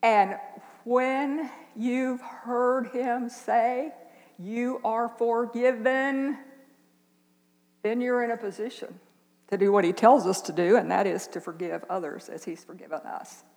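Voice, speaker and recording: An older woman preaching a sermon, speaking slowly and earnestly with long pauses. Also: fairly high pitch, steady tone, darkish tone, long reverb tail. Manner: slow, earnest, with dramatic pauses. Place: church.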